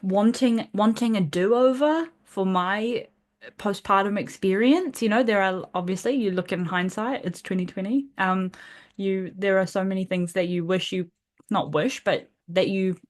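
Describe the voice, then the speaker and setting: A woman's voice: medium pitch, a little slow. A woman, hosting a podcast as a casual personal monologue, rambling and self-deprecating, with frequent laughs and restarts. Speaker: podcast host.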